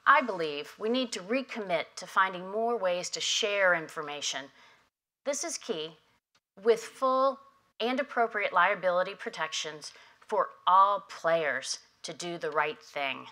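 A woman delivering prepared opening remarks at a conference, measured and emphatic, at a podium microphone. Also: fairly low pitch, expressive, bright, forceful tone. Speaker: industry association head giving opening remarks. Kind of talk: prepared keynote speech. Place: conference hall.

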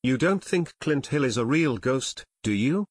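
A stout, food-loving teen boy who boasts and jokes, read by a male narrator. The voice moves a lot in pitch and sounds dry. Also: expressive, a little slow, slightly rough, no room sound. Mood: jokey. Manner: boastful, joking.

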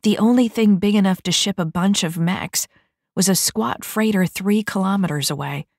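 A woman narrating a science fiction audiobook in a steady, even storytelling voice. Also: mid-range voice, moderate pace, no room sound, studio quality.

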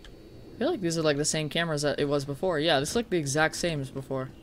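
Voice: medium pitch, quick pace, a little hiss or hum. A streamer playing a horror game live, chatting and swearing, breaking into shrieks when startled.

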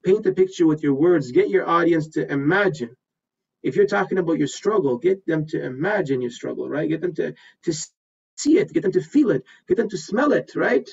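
An energetic man with a fairly high voice coaches a workshop on presentation skills. He repeats himself and keeps checking in with the group. The sound is a bit distant and dull. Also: brisk, creaky, breathy edge. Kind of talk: workshop teaching. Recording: distant, slightly dull recording.

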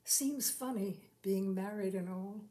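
Woman playing a hesitant newlywed, gentle and quiet, read-aloud story. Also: high voice, expressive, a little slow, voice pushed up. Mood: soft wistful. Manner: soft, tentative. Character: shy, wistful young newlywed woman.

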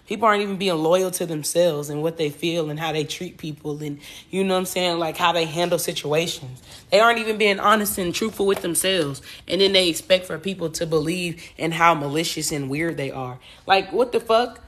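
A woman with a slightly low voice gives a casual tarot reading monologue. She talks bluntly and swears freely. She rambles through asides and turns emphatic when making a point. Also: fairly even intonation, fairly quick, few pauses, fairly bright tone. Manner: blunt and profane, grows emphatic. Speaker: tarot reader.

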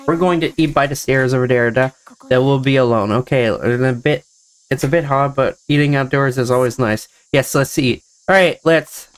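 A young man reading a visual novel's dialogue aloud for the characters, with joking asides of his own. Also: medium pitch. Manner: plays each character in quick shifts of voice, joking asides. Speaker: gameplay narrator.

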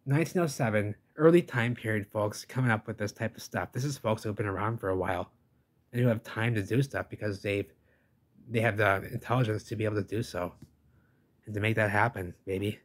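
A man's voice: lowish voice, a little fast. A man giving casual, rambling reaction commentary on a video, enthusiastic and chatty, calling listeners "folks" and "baby".

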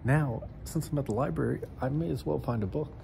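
A man's voice: medium pitch, a little fast, creaky, dark tone, slight background noise. A man in a casual vlog, rambling and joking about himself as he goes about his day in a town in winter. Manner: rambling, self-mocking, chatty. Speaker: vlogger.

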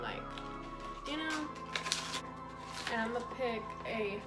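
Woman in her twenties, relaxed chatty vlogger, slightly high voice, unhurried, music behind. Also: low-quality recording. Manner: relaxed and chatty, with many fillers. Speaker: YouTuber. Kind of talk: casual vlog chat.

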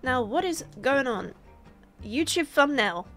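A woman's voice: sits high, expressive, slow, a bit bright, soft background music. A young woman giving silly, theatrical commentary over a Minecraft video, often stumbling and restarting her words. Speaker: Minecraft YouTuber. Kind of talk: playful gameplay commentary.

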